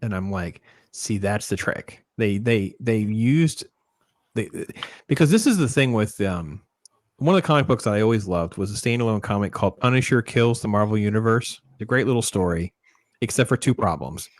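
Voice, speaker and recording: A man with a low-pitched voice hosts a casual panel chat, animated and quick to act out what he describes. The sound is dry and close, with little room around it. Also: dry recording. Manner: animated, acts out scenes in quoted voices. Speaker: podcast host.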